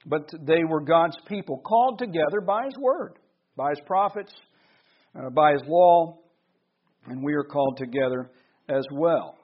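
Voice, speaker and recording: A man preaching a sermon to a congregation, slowing down to stress key words. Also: fairly high pitch, lively intonation, dull audio. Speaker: pastor.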